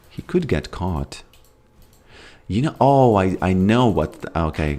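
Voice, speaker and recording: A man's voice: low-pitched, animated, normal speed, darkish tone. A man with an American accent casually commenting on his gameplay as a streamer, reading chat questions aloud and rambling with loose, trailing thoughts.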